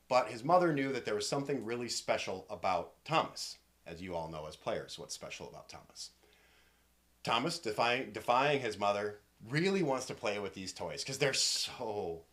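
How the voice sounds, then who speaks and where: Bright-voiced man narrating a tabletop game. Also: fairly low pitch. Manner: hesitant storytelling with restarts. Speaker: game master.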